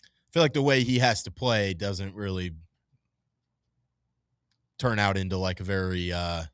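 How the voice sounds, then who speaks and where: A man co-hosting a casual sports talk show, hedging and filling pauses as he talks. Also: low voice, fairly even intonation, a bit bright, clear, resonant tone, no room sound, clean studio sound. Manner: hesitant, hedging with fillers.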